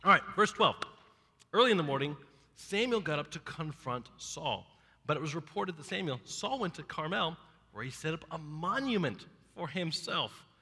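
Animated preacher man in an echoey hall. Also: a little high, moderate pace, breathy edge. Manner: animated storytelling, acting out biblical characters. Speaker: pastor. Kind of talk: sermon.

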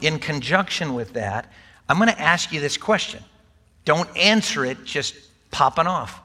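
Older preacher in a reverberant sanctuary. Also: male voice, fairly high pitch, lively intonation, measured pace, pushed and bright. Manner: folksy, conversational preaching with humor. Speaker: pastor. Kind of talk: sermon. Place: church sanctuary. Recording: long hall reverb.

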